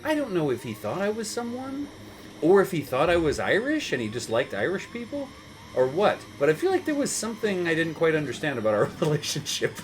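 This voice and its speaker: Man in his thirties, gaming show host, casual rambling storytelling, lively pitch, chuckles. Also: brisk, a little hiss or hum. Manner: rambling, chuckling, with many fillers and restarts. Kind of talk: casual storytelling while playing a video game.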